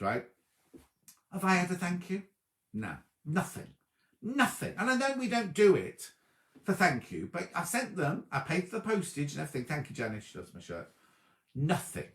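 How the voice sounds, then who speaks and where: Man, livestream host, casual chat, lively pitch, roomy sound. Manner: chatty, lively, reacts to live comments. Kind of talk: casual chat reading viewer comments. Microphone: laptop or tablet on a video stream.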